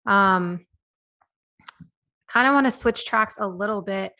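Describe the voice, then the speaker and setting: A woman with a bright, crisp voice hosts a health podcast. She asks her questions casually and affirms her guest with quick agreeing words. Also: medium pitch. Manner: conversational, affirming with short interjections. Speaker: podcast host. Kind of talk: casual interview.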